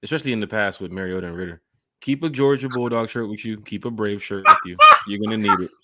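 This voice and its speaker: A man's voice: lowish voice, no echo, studio quality. A man hosting a podcast, talking casually and speaking directly to the fans. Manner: fast, lively, addresses the fans directly. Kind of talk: casual chat.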